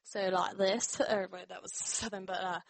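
A young woman from North Carolina talks in a relaxed, chatty way, her accent a blend of American, Australian and British. Her voice sits in an ordinary middle range and is recorded dry and close, with no room sound. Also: mid-range voice, a little fast, creaky, dry recording. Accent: mixed American, Australian and British. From North Carolina, USA. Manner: chatty, with frequent ums and soft laughs. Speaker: interviewee. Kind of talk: casual conversation.

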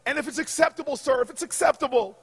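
A man doing a flustered airline gate agent woman, very high voice, loud. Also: fast. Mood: apologetic. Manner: firm, then pleading and apologetic.

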